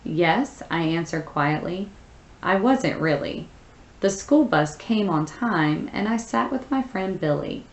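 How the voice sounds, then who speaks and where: A woman teacher with a fairly low voice reads a story aloud, then works through the answers. She explains patiently, one step at a time, often pausing on fillers. The room around her rings with a noticeable echo. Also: animated.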